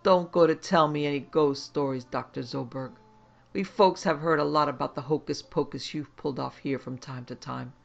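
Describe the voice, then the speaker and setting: A man voicing a gruff, suspicious small-town constable around forty who barks blunt questions in rustic grammar. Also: fairly high pitch, normal speed, lo-fi sound, soft background music. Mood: gruff questioning.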